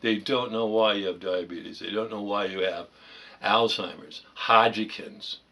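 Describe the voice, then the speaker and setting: A man's voice: lowish voice, unhurried, pushed and bright. A man delivering a profane, sarcastic rant as a vlogger, mocking as he goes. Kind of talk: ranting monologue to camera.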